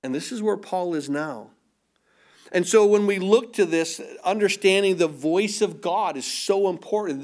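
A middle-aged man preaching a sermon, earnest, often repeating words and dropping to a hush for emphasis. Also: high voice. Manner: earnest, repeats words, swings between loud emphasis and hushed quiet. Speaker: pastor.

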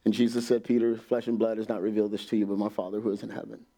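A man preaching a sermon in a church, animated and laughing often, acting out quotes and dropping to a whisper at times. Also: on the low side, racing.

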